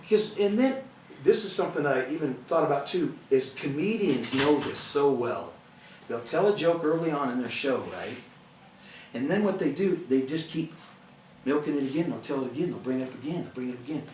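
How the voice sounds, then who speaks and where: In an echoey room, a middle-aged motivational speaker talks earnestly and conversationally to an audience, laughing often. His voice is a little high and darkish, expressive and fairly quick. The distant mic picks up slight background noise.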